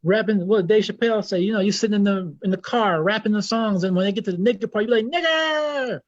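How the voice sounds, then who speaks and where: This American man, appearing as a guest Islamic scholar, speaks quickly in a high, steady voice, hammering his points bluntly and passionately by saying them again. The audio has its highs cut off.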